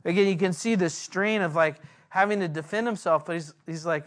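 Pastor guy teaching a bible passage verse by verse, earnest, reads the verses slow. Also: high-pitched, a bit bright. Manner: earnest, slows down to read scripture aloud.

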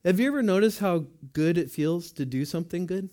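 A man with a high-pitched voice delivers a sermon in a chatty, conversational way. He throws questions to the congregation and answers himself in quick asides, like a pastor talking with his flock. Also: lively intonation, dark tone.

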